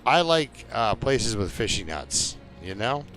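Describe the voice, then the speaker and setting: A man's voice: medium pitch, very animated, fairly bright tone, faint music behind. A man streaming a survival game, chatting and telling stories at a rambling pace with lots of fillers. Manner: slow, rambling storytelling with many fillers. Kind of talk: relaxed gameplay commentary.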